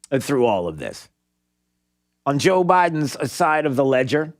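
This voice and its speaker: A male radio talk show host commenting with sarcasm and rhetorical questions in a conversational way. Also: medium pitch.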